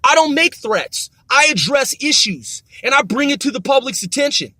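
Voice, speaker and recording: A man with a very high, sharp voice rants furiously on his podcast. He swears constantly and repeats his insults. The sound is dry and close, with no room. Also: sing-song, normal speed, no echo. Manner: profane, ranting, repetitive insults. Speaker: podcast host. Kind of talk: angry monologue rant.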